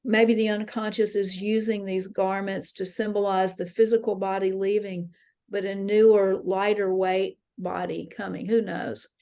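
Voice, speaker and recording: Brief: woman teaching a dream workshop, gravelly voice, earnest storyteller. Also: mid-range voice, flat delivery, normal speed, dark tone. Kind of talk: teaching talk with retold dreams. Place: interfaith center workshop.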